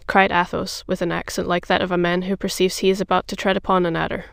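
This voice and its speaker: An audiobook narrator reads a classic adventure novel in a steady, even way. The voice is flat in pitch and has a gravelly grain over a smooth, clear tone. The recording is close and dry, with no room sound. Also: fairly quick, few pauses, no echo.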